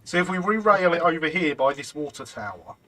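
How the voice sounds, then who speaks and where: A man's voice: on the high side, expressive, brisk, sharp tone. A man hosting a casual gaming stream, joking and reading out chat messages. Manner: jokey, reads out live chat. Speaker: streamer host.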